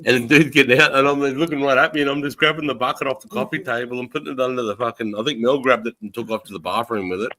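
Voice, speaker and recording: A man's voice: medium pitch, steady tone, racing, few pauses, sharp tone. A man with an Australian accent hosting a live stream, telling stories with plenty of swearing and laughs, greeting viewers by name. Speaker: livestream host. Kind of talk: casual chat.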